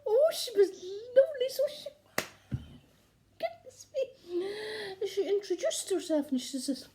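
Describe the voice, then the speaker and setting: A woman's voice: extremely high pitch, expressive, slow pace, warm tone, heavily acted. A woman playing a cheeky, gossiping nun in a chatty, improvised comic monologue, giggling often. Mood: giddy gossip.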